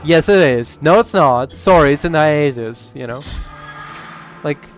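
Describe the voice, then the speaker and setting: A male gaming streamer rambles through casual commentary, swearing freely and laughing often, with his sentences full of filler words. His voice sits a little high for a man. Faint game music plays underneath. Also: animated, a little slow. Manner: rambling, profane, laughs a lot, many fillers.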